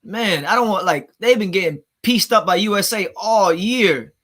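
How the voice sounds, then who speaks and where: A man's voice: sits high, normal speed, fairly bright tone. A man hosting a casual livestream, reading viewer comments, rambling and repeating himself as he talks. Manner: rambling, repeats himself, laughs at his own jokes. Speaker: livestream host.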